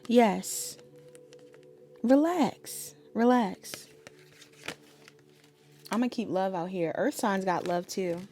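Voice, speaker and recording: A woman's voice: mid-range voice, a little slow, hardly any pauses, dark tone, slight background noise. A woman giving a casual tarot reading, chatting straight to her viewers. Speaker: tarot reader.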